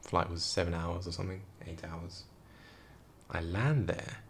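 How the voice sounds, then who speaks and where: Tired, hushed young man with gravelly fry. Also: low-pitched, fairly even intonation, a little slow, slight background noise. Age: young adult. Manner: hushed, quiet, rambling talk. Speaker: vlogger. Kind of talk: casual storytelling vlog. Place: room indoors at night.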